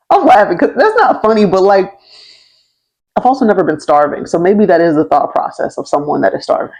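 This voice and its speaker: A woman's voice: mid-range voice, very animated, unhurried, pauses often, a little mellow, poor audio. A young woman telling a history story in a casual, slangy way, laughing along and checking in with her listeners. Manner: chatty and slangy, often checking in with "right?" and "okay?". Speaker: history vlogger.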